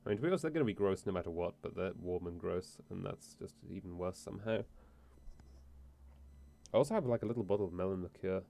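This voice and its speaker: A man's voice: low voice, animated, fast talker, creaky, mellow. Rambling, swearing male streamer. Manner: rambling, profane and self-interrupting. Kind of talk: casual let's-play chat.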